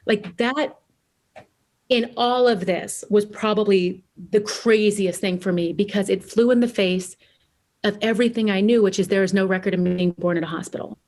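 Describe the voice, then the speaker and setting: A woman's voice: mid-range voice, normal speed, a little mellow. A woman in her forties, a podcast guest, telling a personal story with candid emotion and acting out remembered dialogue. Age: 40s. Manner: candid and emotional, searching for words. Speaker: podcast guest, author and speaker.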